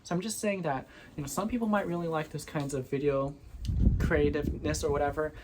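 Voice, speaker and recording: A woman's voice: low voice, steady tone, a little fast, noisy background. A woman chatting casually to camera from her bedroom, recorded on a phone, rambling and often restarting her sentences. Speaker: vlogger. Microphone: phone propped on a windowsill.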